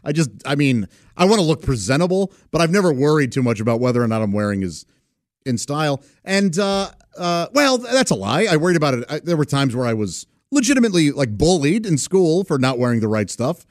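A man's voice: fairly high pitch, big pitch swings, brisk, no room sound, clean studio sound. A man in his forties telling rambling, self-deprecating stories in a casual chat, often laughing as he goes. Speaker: storyteller. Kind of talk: casual anecdote.

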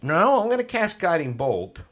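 A man's voice: sits high, very animated, moderate pace, a bit bright. A man playing a tabletop game, eager and playful. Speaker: player.

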